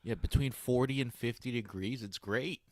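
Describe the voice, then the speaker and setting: A man's voice: mid-range voice, moderate pace, no echo, studio quality. A young man co-hosting a stream, talking bluntly and with emphasis. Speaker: stream co-host. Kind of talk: casual stream chat.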